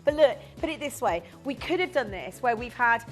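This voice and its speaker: A woman presenting on a live shopping channel, pitching jewellery with eager, persuasive flow. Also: expressive, soft background music. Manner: enthusiastic, persuasive, fast-flowing.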